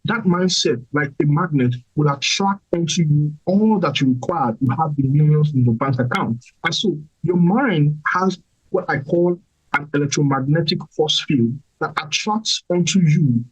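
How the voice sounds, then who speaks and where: Young male host, motivational preacher delivery, emphatic and repetitive, slightly high and husky. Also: muffled recording. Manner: emphatic, repeats key phrases. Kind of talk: motivational sermon-style talk.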